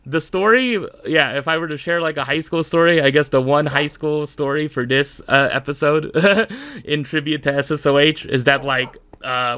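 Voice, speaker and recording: A man's voice: medium pitch, sharp tone, clear, resonant tone. A man in his mid-twenties hosting a solo podcast, rambling through an exasperated rant with lots of fillers. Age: mid-20s. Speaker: podcast host.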